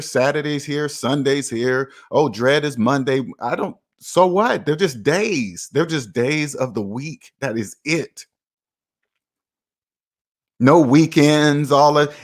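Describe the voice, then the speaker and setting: Guy with a kinda high voice preaching money stuff to his viewers, says everything twice for emphasis. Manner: emphatic, repeats himself for effect; preachy, talks straight to viewers. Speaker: personal finance vlogger. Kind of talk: casual motivational monologue.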